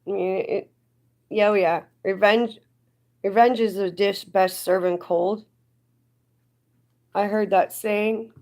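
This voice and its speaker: A woman's voice: medium pitch, steady tone, takes it slowly, long pauses, darkish tone. A woman chatting casually on a live stream, rambling and getting indignant at times. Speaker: livestreamer.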